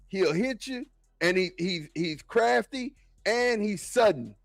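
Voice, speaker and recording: A man talking football in a casual, excitable, slangy way, often repeating himself. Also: sits high, slow, gravelly, no echo, soft background music. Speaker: football podcast guest. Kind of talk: casual sports talk.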